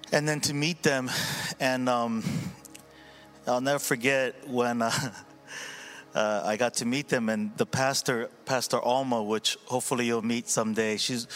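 Male pastor, mid-range voice, earnest, halting delivery with fillers. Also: mid-range voice, fairly bright tone. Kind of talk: sermon reflection before communion.

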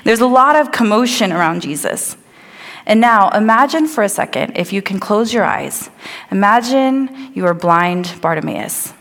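A woman's voice: medium pitch, lively intonation, normal speed, fairly bright tone. A woman preaches a sermon in a church, drawing listeners into the scene. She tells the story vividly and sometimes acts out what the crowd says. Her voice rings out with a long hall reverb. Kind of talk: sermon with scripture reading. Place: church sanctuary.

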